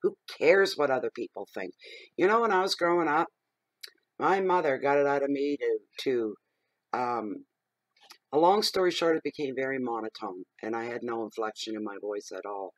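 Middle-aged guy doing a tarot reading, dry sound, loud and emphatic, gets all fired up. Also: mid-range voice, moderate pace, no room sound, rough recording. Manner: expressive and emphatic, gets riled up. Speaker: tarot reader. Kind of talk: general tarot reading monologue.

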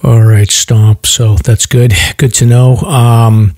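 A man hosting a casual podcast, reading news stories aloud in a loose, relaxed way. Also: medium pitch, slow, no echo, studio quality. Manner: relaxed, loose delivery with fillers. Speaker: podcast host.

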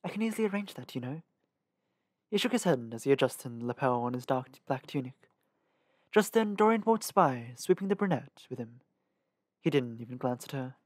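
A man narrating a novel as an amateur audiobook reader, with a lively, uneven reading and small self-corrections. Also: medium pitch, moderate pace, no room sound, clean studio sound.

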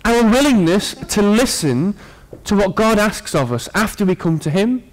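A man preaching a sermon to his congregation, earnest and warm in tone, with playful asides to the people in front of him. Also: high voice, animated, normal speed.

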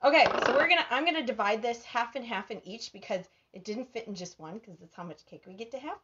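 A woman's voice: a little high, animated, fast talker, a bit bright, highs cut off, slight background noise. A chatty, bubbly woman with a Minnesotan accent, hosting a live cooking stream and reading viewers' comments aloud. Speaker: cooking show host.

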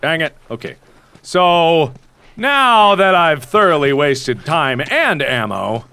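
A young man commenting on a video game he is playing, given to loud, expressive outbursts and self-mocking rants. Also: on the high side, slow pace, a little hiss or hum. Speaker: let's play host.

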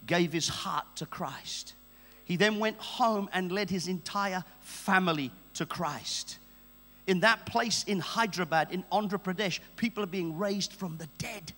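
A man's voice: high voice, measured pace, a bit bright. A man in his fifties from England preaching a fervent sermon, using repeated call-and-response phrases. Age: 50s. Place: large church hall. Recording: echoey church hall with mains hum.

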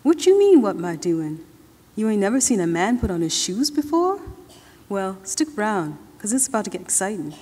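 A woman's voice: mid-range voice, animated, normal speed, a little mellow, close to an everyday voice. A woman reading aloud and voicing a feverish young man who groans and complains in streetwise slang, heard in a reverberant hall. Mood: indignant.

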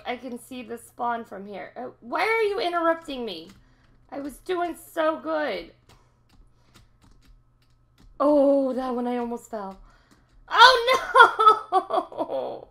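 A young woman hosting a gaming channel, giving excitable let's-play commentary, talking to herself and laughing often. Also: high-pitched, gravelly.

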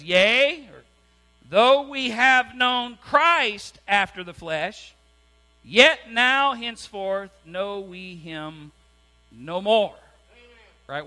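A man preaching a sermon as pastor, keeps asking the congregation "right?" in a church with a hum and long reverb. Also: sits high. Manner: lively preaching, asks the congregation "right?" again and again. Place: church sanctuary.

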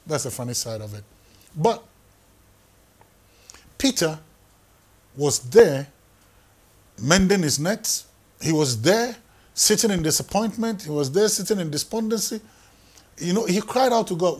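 A man's voice: high-pitched, expressive, unhurried, long pauses, darkish tone, slightly rough. A man, preaching a sermon in an emphatic way, repeating phrases for effect. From Ghana. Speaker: pastor.

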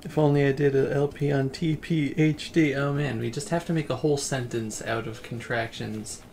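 A man's voice: medium pitch, steady tone, normal speed, creaky, a little mellow. A man streaming a game casually, rambling as he plays and reading chat messages aloud.

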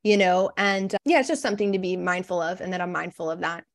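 A woman's voice: fairly low pitch, steady tone, quick pace, no echo, clean studio sound. A woman copywriter as a podcast guest in casual interview chat, frank and reflective, with many "you know" fillers.

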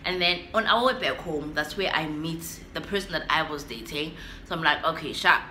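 A young woman with a South African accent telling a personal story in a casual, animated way, slipping between English and isiXhosa and acting out her own reactions. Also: low-pitched, moderate pace, reverberant, noisy background. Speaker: vlogger.

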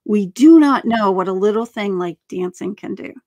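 A woman in her fifties hosting a podcast, chatting enthusiastically and asking quick questions. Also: medium pitch, lively intonation, mellow. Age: 50s. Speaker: podcast host. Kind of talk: casual interview chat.

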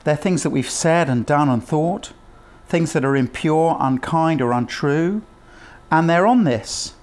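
A man's voice: a little high, measured pace. A man preaching a sermon in an earnest, emphatic way, asking his listeners rhetorical questions.

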